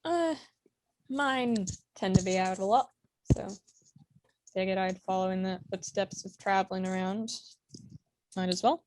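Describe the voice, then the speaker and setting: A woman's voice: mid-range voice, a little slow, pauses often, a little mellow, slight background noise. A woman playing a tabletop game who speaks in a dry, laconic way. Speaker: player.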